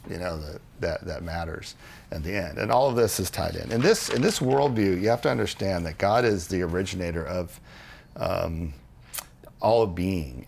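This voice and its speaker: A man on a podcast, explaining ideas earnestly in casual conversation and acting out quoted dialogue as he goes. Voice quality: low gravelly voice, husky. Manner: earnest, animated storytelling with restarts and quoted dialogue. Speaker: podcast co-host explaining religious history.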